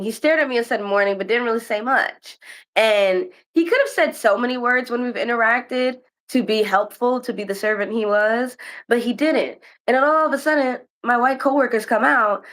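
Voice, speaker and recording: Animated American woman telling a story. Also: a little high, normal speed. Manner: animated storytelling, acts out quoted voices. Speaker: podcast host. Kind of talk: casual chat.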